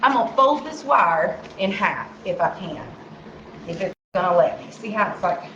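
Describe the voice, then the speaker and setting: A woman hosts a live craft demonstration, chatty and sing-songy, talking to herself as she works. Her mid-range voice has lively intonation, normal speed and a sharp tone. There's slight background noise, and the recording sounds roomy and slightly dull.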